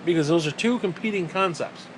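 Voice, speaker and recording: A man vents in a heated, profane rant, his voice sitting a little high. He circles back and repeats himself as he talks. A faint hum runs underneath the recording. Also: a little fast, rough recording. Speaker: vlogger. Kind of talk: ranting monologue.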